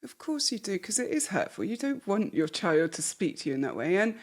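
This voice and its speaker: A woman counsellor speaking softly and reflectively to a client. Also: mid-range voice, big pitch swings, brisk. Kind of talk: counselling conversation.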